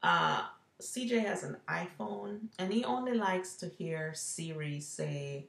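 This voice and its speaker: A woman's voice: on the low side, expressive, slow, vocal fry, fairly bright tone. A woman in her forties with a Jamaican accent, rambling candidly and self-deprecatingly through a personal vlog. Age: 40s. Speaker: lifestyle vlogger. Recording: echoey room.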